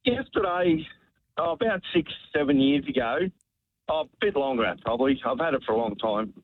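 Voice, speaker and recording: A man's voice: medium pitch, animated, moderate pace, slight background noise. An Australian man calling a talkback radio show, telling a heartfelt story in a rambling way that repeats words. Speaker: radio caller. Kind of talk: emotional talkback call. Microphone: telephone. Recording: tinny phone line, dry.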